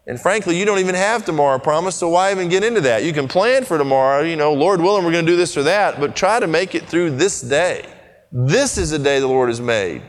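High-voiced man preaching in a hall. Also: animated, a little fast. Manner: earnest, conversational preaching with swings in pitch and pace. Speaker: pastor. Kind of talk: sermon.

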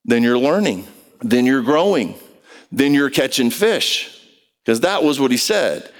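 Smooth-voiced pastor in a big reverberant hall. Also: male voice, medium pitch, animated, a little slow. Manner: storytelling, quizzing the congregation. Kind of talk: conversational sermon. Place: large church hall with a congregation. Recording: long reverb of a large hall.

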